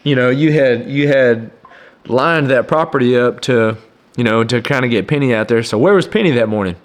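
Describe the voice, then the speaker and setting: A man's voice: medium pitch, normal speed. A man co-hosting a hunting show in casual chat, prompting his partner with questions.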